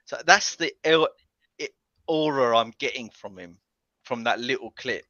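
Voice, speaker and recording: A man's voice: medium pitch, moderate pace, bright, forceful tone, no echo. A man guesting on a casual podcast chat, hesitant and often restarting his sentences. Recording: dull lo-fi dry sound.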